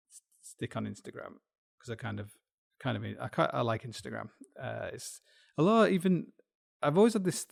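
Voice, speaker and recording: A middle-aged man with a Yorkshire accent talks alone into the mic, drifting from one thought to the next with wry, self-deprecating asides. His voice is heavily gravelly, full of fry, and sits at an ordinary pitch for a man. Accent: Yorkshire English. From Yorkshire, England. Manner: meandering, self-deprecating, with frequent restarts and asides. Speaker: podcast host. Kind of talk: rambling solo monologue.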